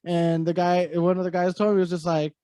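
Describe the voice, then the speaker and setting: A man co-hosting a podcast, telling stories in an animated, casual way with swearing and easy laughter. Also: sits high, fairly quick, no echo, studio quality. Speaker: podcast co-host. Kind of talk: casual chat.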